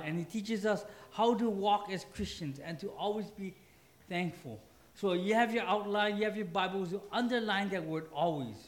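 A man preaching a sermon in church with a light tinge, joking with the congregation. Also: high-pitched. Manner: joking, playful asides to the congregation. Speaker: pastor.

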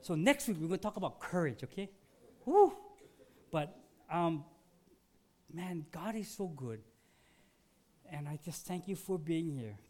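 A man preaching a sermon, telling a personal story conversationally, dropping to a hush and then rising to emphatic peaks, still sore after surgery. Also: a little high, expressive, unhurried, pauses often. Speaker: pastor.

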